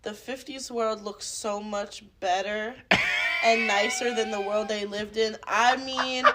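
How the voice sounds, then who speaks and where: A woman's voice: mid-range voice, steady tone, measured pace, over loud music. A woman guest on a podcast, chatting bluntly and profanely about a movie with plenty of laughing banter. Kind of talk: casual film review chat.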